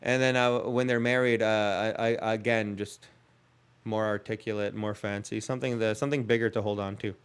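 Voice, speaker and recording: A man's voice: on the low side, steady tone, normal speed, clear, resonant tone. A man in his thirties hosting a comedy podcast, telling rambling, self-mocking stories and chuckling at his own mishaps. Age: 30s.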